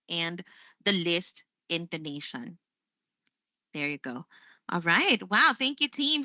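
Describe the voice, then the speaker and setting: A woman's voice: medium pitch, bright, forceful tone, dry recording. Filipino lady teaching english online, chatty, keeps saying right?, dry muffled mic. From Philippines. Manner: chatty, says "right?" after most points. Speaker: English lesson host. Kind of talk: live-streamed English lesson.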